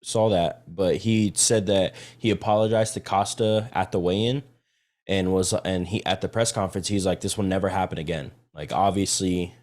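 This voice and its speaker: A man co-hosting a fight-sports podcast, relaxed and casual, often tossing in "bro" and "bruh.". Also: deep voice, moderate pace. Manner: laid-back, says bro and bruh often. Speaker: podcast co-host.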